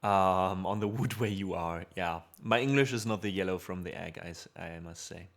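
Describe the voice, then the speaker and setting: A man's voice: low-pitched, normal speed, vocal fry. A man with a German accent, a native German speaker hosting a music livestream, chatting casually with viewers in an upbeat way and laughing often. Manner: upbeat, laughs often while reading out chat.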